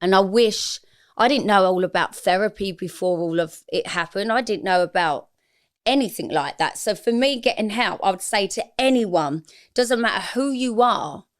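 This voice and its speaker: Frank woman in her forties. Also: medium pitch. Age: 40s. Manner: frank, emotional, confessional. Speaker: interview guest. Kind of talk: candid interview.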